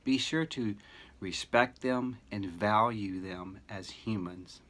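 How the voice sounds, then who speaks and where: A man in middle age delivers a teaching lecture in a measured, low-pitched voice. He moves at a slow, deliberate pace, leaning on key words with earnest emphasis. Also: a bit bright. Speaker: teacher educator. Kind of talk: recorded lecture narration.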